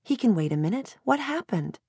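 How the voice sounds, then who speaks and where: A woman's voice: on the high side, very animated, brisk, mellow, breathy edge, no room sound, clean studio sound, pitched above the performer's own voice, heavily acted. Woman voicing a patient older mother. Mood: worried. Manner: soothing, patient, pleading. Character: older mother, a grandmother, gentle but insistent.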